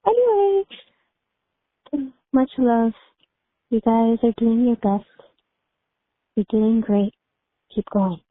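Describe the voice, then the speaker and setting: A woman's voice: a little high, sing-song, takes it slowly, long pauses, no echo. A woman leaving a casual, blunt and encouraging voicemail message. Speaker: caller leaving an anonymous voicemail. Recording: dry tinny phone voicemail.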